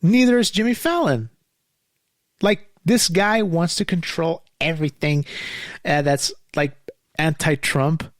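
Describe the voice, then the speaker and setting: A man's voice: fairly high pitch, measured pace, no echo, studio quality. A man hosting his own show, ranting angrily in a casual, profane monologue full of restarts and fillers. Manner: angry, profane, rambling with many restarts and fillers. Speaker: podcast host.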